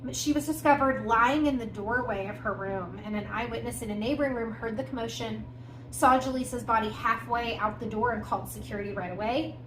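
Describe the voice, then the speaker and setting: A somewhat high-pitched woman talks through a true-crime case like she's chatting with a friend. She keeps dropping in pointed little asides and fillers. Her voice rings around an echoey room with faint noise underneath. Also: brisk. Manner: conversational, recounting events with emphatic asides and fillers. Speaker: podcast co-host. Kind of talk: casual true-crime storytelling.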